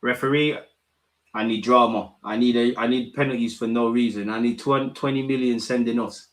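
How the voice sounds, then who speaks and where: A man's voice: medium pitch, normal speed. Slangy young man hosting a watch-along. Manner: slangy, animated, bursts of excitement. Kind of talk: live football watch-along commentary.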